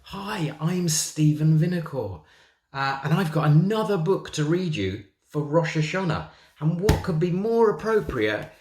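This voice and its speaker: A man's voice: a little high, expressive, normal speed, echoey room. A man from England reads a children's picture book aloud for a synagogue, with playful, chatty asides. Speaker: storybook reader for a synagogue.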